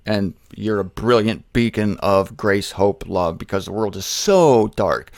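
A man teaching the Bible in an informal, conversational way, shifting between emphatic bursts and quiet asides and speaking straight to his listeners. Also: lowish voice, measured pace, hardly any pauses, no echo, clean studio sound. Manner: conversational, jokey, addresses listeners directly. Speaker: preacher.

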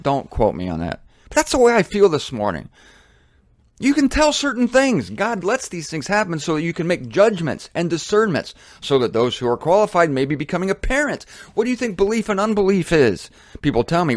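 A man's voice: on the high side, no echo, clean studio sound. A man preaching a sermon on headphones in a blunt, indignant, emphatic way. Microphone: headphones on, close mic.

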